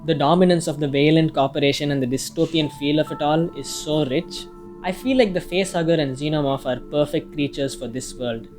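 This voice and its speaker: A man's voice: a little high, a little mellow. A man reading a casual, opinionated film review, now and then swearing mildly. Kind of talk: scripted review narration. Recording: music playing faintly behind.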